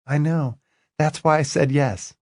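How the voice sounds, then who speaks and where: A man reading the part of a young woman writer, eager and a little hesitant, in a soft raised voice. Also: on the high side, fairly even intonation, measured pace, no room sound, clean studio sound, pitched above the performer's own voice. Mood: warm.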